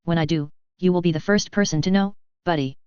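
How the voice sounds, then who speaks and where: A woman voicing a sarcastic male admiral, low and smooth in a slightly dull recording. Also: brisk, a little mellow, no room sound, close to an everyday voice. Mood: snarky.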